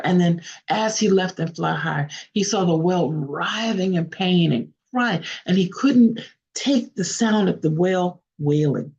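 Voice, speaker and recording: A woman storyteller telling a folk tale in an unhurried, earnest way, sometimes correcting herself, over a video call. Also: on the low side, vocal fry, darkish tone, dull audio, a little hiss or hum. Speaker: storyteller, guest speaker. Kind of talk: oral storytelling.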